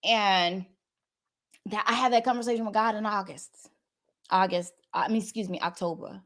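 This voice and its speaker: A woman guest telling a personal story in a lively way, acting out the dialogue. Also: medium pitch, normal speed. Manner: animated, acts out dialogue.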